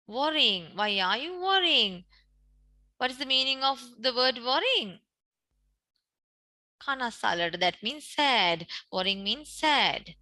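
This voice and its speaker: Lively Sri Lankan English teacher. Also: female voice, on the high side, no room sound. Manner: reads a story and explains words with Sinhala translations. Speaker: primary school English teacher. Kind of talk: online English lesson.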